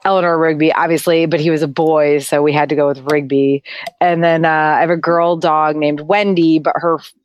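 A woman's voice: low voice, steady tone, a little fast, lo-fi sound. A woman on a fan podcast panel, talking in a rambling way with lots of restarts. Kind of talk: casual livestream chat.

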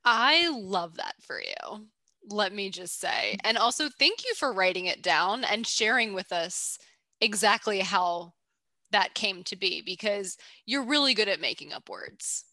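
A woman co-hosting a casual podcast, upbeat and quick to laugh. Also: mid-range voice, big pitch swings, bright, forceful tone, no echo. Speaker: podcast co-host. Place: DC area.

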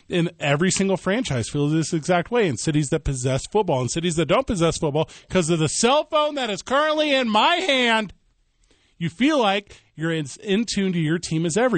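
High-voiced ranting sports radio host man. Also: no room sound. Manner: animated ranting, quick asides. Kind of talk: sports talk radio banter. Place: radio studio. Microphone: studio microphone.

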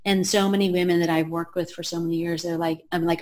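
A woman author and women's health coach, a podcast guest, telling stories in a lively anecdotal way. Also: lowish voice, quick pace. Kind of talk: storytelling in an interview.

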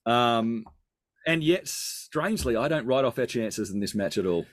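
A man co-hosting a sports podcast, his pitch moving lively up and down. He sounds close and dry on the mic, chatting with enthusiasm. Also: moderate pace, no echo. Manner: chatty, enthusiastic, lists team line-ups. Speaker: podcast co-host. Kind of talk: casual sports podcast chat.

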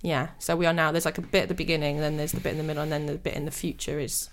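A woman's voice: low voice, level tone, a little hiss or hum. A young woman from the countryside, a comedian chatting on a podcast, joking and giggling as she talks. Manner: giggly, fast, jokey. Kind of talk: casual comedic chat.

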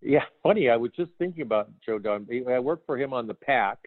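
A man spins animated anecdotes from his years as a film art director, slipping into the voices of the people he quotes and breaking into laughter. His voice arrives thin and narrow, like a phone line, with a dry, close sound. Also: mid-range voice, a little fast, no room sound. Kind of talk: casual storytelling interview.

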